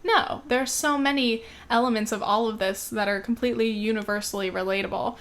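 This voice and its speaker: A woman's voice: a little high, fairly even intonation, brisk, fairly bright tone. A young woman from America hosting a podcast, chatting candidly with lots of fillers and the odd swear word. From United States. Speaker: podcast host. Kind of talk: casual solo podcast chat.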